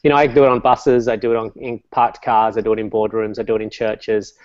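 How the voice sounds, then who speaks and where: A man, a meditation coach talking calmly and telling stories as an interview guest, with many fillers. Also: lowish voice, fast talker, no room sound, lo-fi sound. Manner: calm, storytelling, many fillers.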